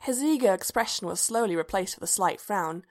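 A woman narrates a story aloud in a measured, even-paced reading. Her voice sits at a typical middle pitch for a woman. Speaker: reader.

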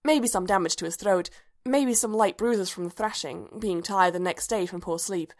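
A woman reads a story aloud with steady, measured narration. Her voice sits at a middling pitch for a woman. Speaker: reader. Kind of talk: fan fiction read aloud.

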